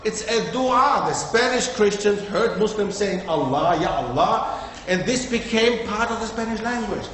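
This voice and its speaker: A man with a high voice teaches a group in a community hall, tossing out questions and checking that listeners follow. The sound is very echoey, like a large room heard through a long reverb, with a little faint noise underneath. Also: expressive, unhurried, few pauses, a bit bright. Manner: quizzes the audience, checks with "okay?". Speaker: lecturer. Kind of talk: interactive classroom talk.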